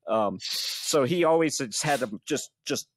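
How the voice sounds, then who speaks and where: A man's voice: medium pitch, expressive, a little slow, slight background noise. A man hosting a podcast, telling a story in a casual, rambling way and laughing often. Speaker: podcast host.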